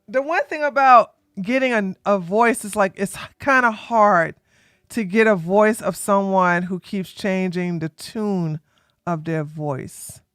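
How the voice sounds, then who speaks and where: A woman livestreamer in casual chat, talking softly and without hurry. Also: medium pitch, clean tone, no echo, studio quality. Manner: soft, unhurried talk, a break from her usual yelling.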